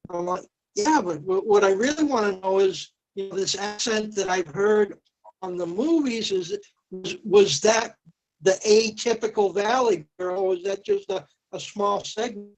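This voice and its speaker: A woman's voice: medium pitch, lively intonation, darkish tone, low-quality recording. Curious woman asking questions. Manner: curious, asks questions, halting restarts. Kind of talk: casual chat.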